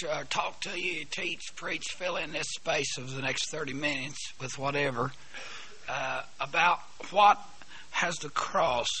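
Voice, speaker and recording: A hoarse man preaching a sermon, halting and repeating words, then bursting into shouts. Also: a little high. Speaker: pastor. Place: church.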